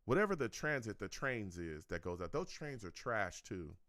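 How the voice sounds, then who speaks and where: A young Californian man hosts a sports live stream, reading viewer comments in a casual chat, speaking at normal speed in a fairly low voice. He's animated, laughs often, and repeats phrases, and the studio-quality audio has no echo.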